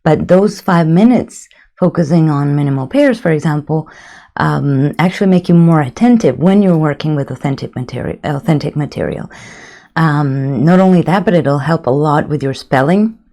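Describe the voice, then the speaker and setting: A woman's voice: low-pitched, moderate pace, mellow. A woman giving a casual video lesson on pronunciation, chatty, with many fillers and restarts. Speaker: language teacher.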